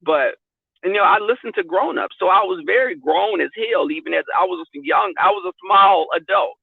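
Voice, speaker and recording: A man hosting a casual live stream, telling stories in a sassy, profane, animated way from a car. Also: high voice, normal speed, vocal fry, breathy edge, no echo. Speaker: vlog host. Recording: tinny, phone-like, dry.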